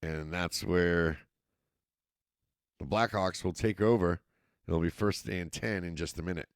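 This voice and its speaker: Male play-by-play announcer, Massachusetts accent, low voice, dry close mic. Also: a little slow, smooth, no echo. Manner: steady play-by-play, rising excitement on scoring plays. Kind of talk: youth football commentary.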